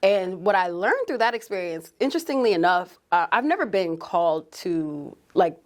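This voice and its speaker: She speaks at normal speed with a fairly low pitch: a journalist in her twenties, guesting on a podcast for a candid, conversational interview. Telling her story openly and with animation, she voices the quotes of the people involved.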